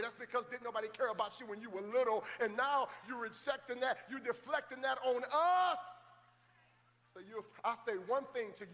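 A male pastor preaching to his congregation in a church. He talks conversationally, acts out quoted church members in quick asides, and builds to fervent shouting. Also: sits high, slight background noise. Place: church sanctuary. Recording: long hall reverb, faint ambience.

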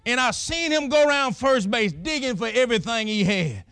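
A man preaching a sermon as a pastor, with a dramatic storytelling manner that breaks into shouted exclamations. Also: extremely high pitch, expressive, normal speed, clean tone, no echo, clean studio sound.

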